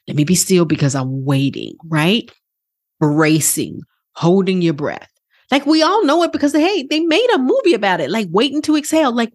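Husky, animated woman coaching on stress. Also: fairly high pitch. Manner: animated and earnest, swears casually, acts out quoted inner voices. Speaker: wellness coach and program host. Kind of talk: motivational podcast talk.

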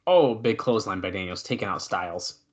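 A man's voice: lowish voice, a little fast. Chatty man calling wrestling moves. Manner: chatty, excitable play-by-play. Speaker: podcast co-host. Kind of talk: casual wrestling watch-along commentary.

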